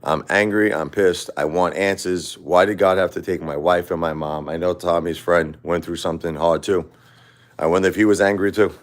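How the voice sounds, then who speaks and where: Deep-voiced middle-aged man, quiet and halting. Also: fairly even intonation. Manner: quiet, halting, repeats himself. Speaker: livestream host. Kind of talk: unscripted personal monologue.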